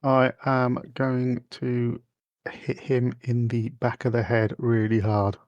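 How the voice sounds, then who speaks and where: A man's voice: mid-range voice, level tone, slow, darkish tone, dry recording. A man playing a tabletop game, hesitant and self-mocking about his rolls. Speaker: player. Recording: dull lo-fi microphone.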